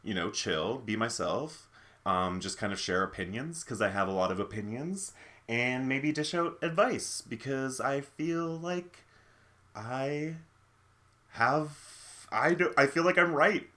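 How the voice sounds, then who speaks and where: A man's voice: mid-range voice, animated, slow pace, fairly bright tone. A man hosting a casual video, reading online posts aloud and giving his opinions in a chatty, rambling way. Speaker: video host.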